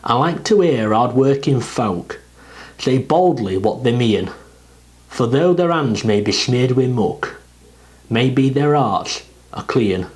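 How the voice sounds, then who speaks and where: A man reading a dialect poem aloud, with expressive rises and falls in his delivery. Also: mid-range voice, slow pace, low-quality recording. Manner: expressive, rising and falling delivery. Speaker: poetry reader. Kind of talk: dialect poetry recitation.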